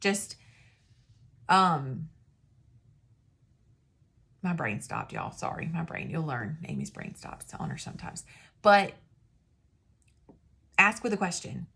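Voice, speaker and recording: A woman talks straight to her viewers in a casual, rambling way, restarting sentences and trailing off. Her voice sits a little low for a woman. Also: wildly swooping pitch, slow pace, vocal fry, pauses often, sharp tone, breathy edge. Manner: rambling, chatty, self-interrupting. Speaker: independent sales consultant. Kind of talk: casual talking-to-camera advice.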